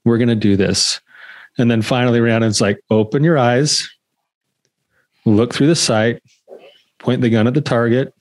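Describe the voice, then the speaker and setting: A man in his thirties or forties, a podcast co-host, telling a story in a casual, animated way and acting out the voices of the people in it. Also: medium pitch, normal speed, long pauses, no echo. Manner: animated, acts out quoted voices.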